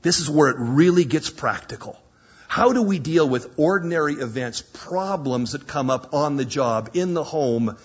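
A hoarse man preaching a sermon, retelling Bible stories with lively acted-out voices. His voice is husky and the recording sounds dull and lo-fi. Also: fairly high pitch, moderate pace. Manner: animated storytelling, acting out biblical voices. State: hoarse, coughing.

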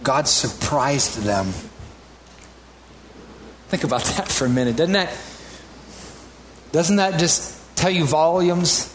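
A man delivers a sermon in a somewhat raised, animated voice, climbing to emphatic peaks before dropping into easy conversational asides with his congregation. A faint room ambience sits behind him. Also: fairly high pitch, a little hiss or hum. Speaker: pastor.

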